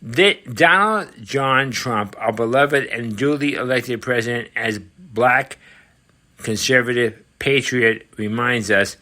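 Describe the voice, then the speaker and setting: An older American man hosts his own show and talks straight through a political commentary monologue. He is emphatic and leans on repeated phrases, with plenty of fillers along the way. His voice sits at a middle pitch with a bright, forceful edge. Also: slow. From United States. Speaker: show host.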